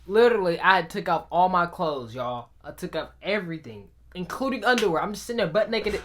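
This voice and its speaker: A young man telling a story in a casual, animated storytime style, talking straight to viewers. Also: high-pitched, fairly quick. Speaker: vlogger.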